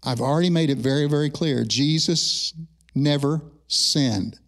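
A middle-aged man, a pastor, praying and then preaching an animated sermon with humorous asides to his congregation in a church. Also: fairly high pitch, a little slow. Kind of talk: sermon with opening prayer. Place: church sanctuary during a service.

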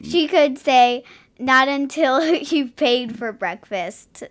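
A woman's voice: high-pitched, expressive, slow. A woman co-hosting a comedy podcast, teasing her partner and firing off questions. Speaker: podcast co-host. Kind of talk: casual comedic banter.

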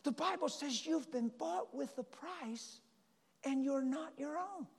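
A man's voice: very high voice, measured pace, vocal fry. A middle-aged man preaching a sermon to a congregation, telling stories and pleading with the listeners. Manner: storytelling, pleading and animated. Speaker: pastor. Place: church hall with a congregation. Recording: long hall reverb.

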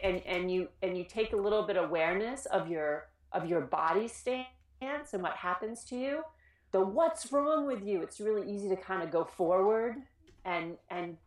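Earnest, low-voiced woman presenting. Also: reverberant. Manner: earnest and animated, with frequent restarts. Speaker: school trauma specialist giving a presentation. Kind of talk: informal educational presentation.

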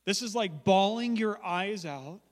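A man's voice: high-pitched, expressive, unhurried. A male pastor preaching a sermon in a church, conversational and emphatic with humorous asides. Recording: long church hall reverb.

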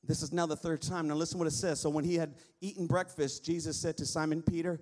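Man, pastor, high voice, sermon in a church, scripture reading, call-and-response with the congregation. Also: little pitch movement, fast, a little mellow. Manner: preaching, quoting scripture, calls on the congregation to respond.

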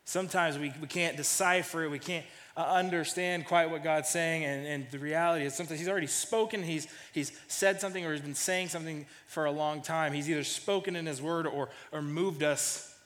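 A man in his thirties preaches a casual, story-driven sermon with a slightly higher-than-usual voice. He often stumbles over and repeats the first words of a phrase as he talks. A long hall reverb trails behind every phrase. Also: fairly even intonation, fairly quick, few pauses, a bit bright. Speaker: pastor.

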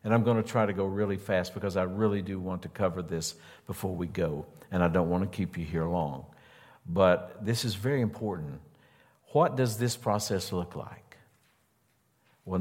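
A man's voice: sits low, a little mellow. A man preaching a sermon in an earnest way, driving points home by repeating phrases. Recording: long hall reverb.

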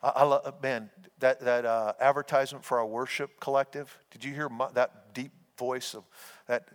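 A man's voice: medium pitch, steady tone, moderate pace. A man preaching a sermon as pastor, telling homespun stories and urging his listeners on. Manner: folksy storytelling, earnest and exhorting. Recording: long hall reverb.

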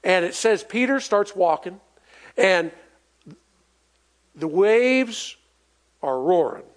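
Speaking slowly and with animation, a high-voiced male preacher delivers his sermon in a folksy, emphatic way. Between points he lets out chuckles, and he gets the congregation going in call-and-response.

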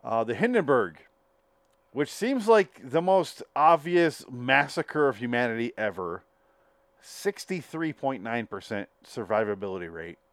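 A man's voice: medium pitch, very animated, measured pace, no room sound. A man co-hosting a comedy podcast, playful and riffing through improvised banter. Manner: playful, riffs in silly put-on voices.

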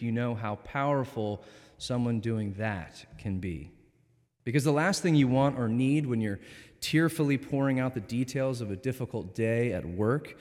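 A man preaching a sermon in a church, speaking in a measured, earnest and gentle way. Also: medium pitch. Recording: long reverb of a church.

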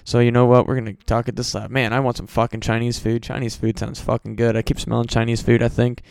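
Worn-out podcast host, a man from the Midwest, flat delivery, very clear dry sound, loose and profane. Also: medium pitch, fast talker, no echo. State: very tired. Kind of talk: casual solo podcast chat. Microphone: home podcast mic.

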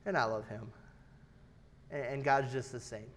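Man, pastor, earnest sermon, personal and conversational, mid-pitched voice. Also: normal speed, a little hiss or hum. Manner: earnest, personal, varies loudness for emphasis.

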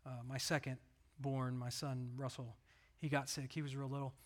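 A middle-aged pastor giving a conversational sermon, telling stories in an earnest, plain way. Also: male voice, medium pitch, flat delivery, normal speed.

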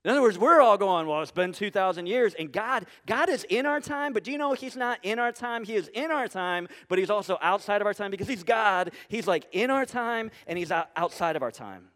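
A man preaching a sermon in an animated, humorous, conversational way, full of rhetorical questions to his congregation. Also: high-pitched, brisk, few pauses. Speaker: pastor. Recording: long hall reverb.

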